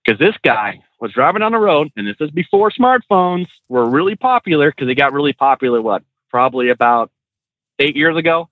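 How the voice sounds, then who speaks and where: Trucker guy telling road stories, kinda high voice, laughs a lot, tinny phone sound. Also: brisk, no echo. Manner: animated anecdotes with frequent laughs and restarts. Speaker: truck driver and trainer. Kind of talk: casual storytelling interview. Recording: dry tinny phone-like line.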